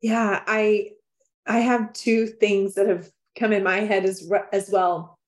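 Expressive woman guest on a podcast. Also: medium pitch, measured pace. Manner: emphatic and expressive, frequent restarts, laughs. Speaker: podcast guest, business owner. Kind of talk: casual interview chat.

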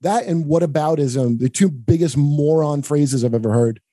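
Profane rambling American man, dark dry voice. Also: fairly high pitch, normal speed, dry recording. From United States. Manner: profane, rambling, joking, frequent restarts. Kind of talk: casual podcast chat.

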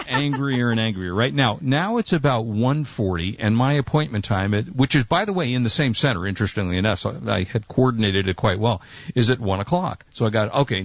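A man co-hosting a casual talk show, spinning a long story with animated, exasperated quoted lines. His voice sits at a middling pitch. The sound is dull and lo-fi, close and dry with no room echo. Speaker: co-host.

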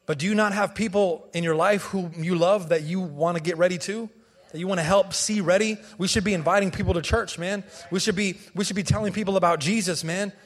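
High-voiced pastor preaching in an echoing sanctuary. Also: male voice, brisk. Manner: animated, conversational preaching with humor and repetition. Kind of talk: sermon. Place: church sanctuary.

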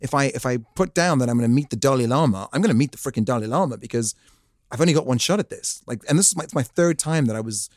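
A man, a podcast guest who tells jokey stories and slips into the voices of people in them. His voice sits at a middle pitch and sounds dry and close on a studio mic, with no room echo. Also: lively intonation, fast talker, a little mellow. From South Africa. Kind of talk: comic storytelling in casual chat.

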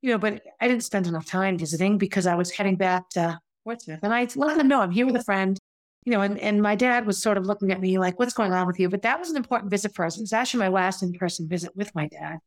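A woman's voice: mid-range voice, fast. Woman candidly recounting her own story. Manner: conversational, with frequent restarts and asides; reflective and confessional. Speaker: podcast host telling her own story.

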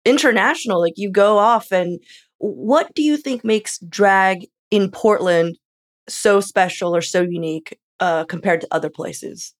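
A woman's voice: medium pitch, measured pace. A woman hosting a podcast interview, laughing along with her guest and adding short remarks between his stories. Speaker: podcast host. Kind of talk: casual interview.

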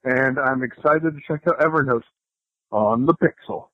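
A man's voice: mid-range voice, moderate pace, sharp tone, dry recording. A man who works in radio leaving a rambling, casual voicemail. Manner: rambling, self-interrupting. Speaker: radio worker, voicemail caller. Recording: dull lo-fi voicemail.

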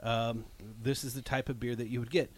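A man who reviews beer on a radio show, chatting casually in a relaxed way with fillers, into a studio mic. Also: mid-range voice, brisk, a little hiss or hum.

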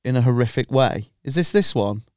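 Lively, teasing male podcast co-host. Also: mid-range voice, fairly quick, clear, resonant tone, no echo, clean studio sound. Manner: teasing, jokey interjections. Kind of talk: casual chat.

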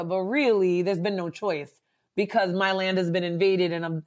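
A woman psychologist talking as a podcast guest in a loose, animated way, often dropping "like" and "right?" and acting out what her clients say. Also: mid-range voice, normal speed. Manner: animated, acts out client quotes; frequent "like" and "right?" fillers. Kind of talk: conversational podcast interview.

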